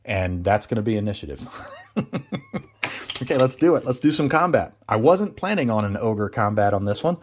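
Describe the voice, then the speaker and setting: A man's voice: fairly low pitch, lively intonation, normal speed, slight background noise. A man narrating a solo tabletop game, chatting and thinking aloud as he rolls dice and laughs at bad results.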